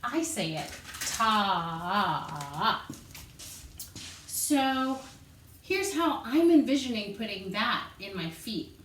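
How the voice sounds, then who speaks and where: A woman's voice: on the high side, animated, measured pace, a little hiss or hum. A woman teaching an elementary music lesson, patiently explaining and counting rhythm syllables aloud while she moves. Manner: encouraging, patient teacher talk. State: out of breath. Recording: echoey room, voice from a distance.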